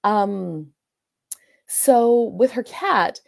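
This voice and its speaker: Speaking very slowly with vocal fry, a woman at medium pitch works as a life coach. Her retelling of a client's story is casual and wandering, packed with restarts and the word "like."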